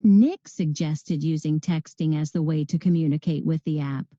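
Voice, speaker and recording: A woman's voice: low voice, moderate pace, mellow, no echo. A woman reading a scripted textbook listening exercise, one sentence read three times. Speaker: audio track narrator. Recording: muffled played-back audio track.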